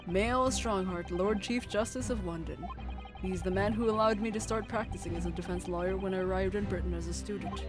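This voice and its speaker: A woman's voice: mid-range voice, fairly even intonation, a little fast, over music. A woman streaming a game, chatting casually, giggling often, swearing loosely and reading lines aloud. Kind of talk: casual game let's-play commentary.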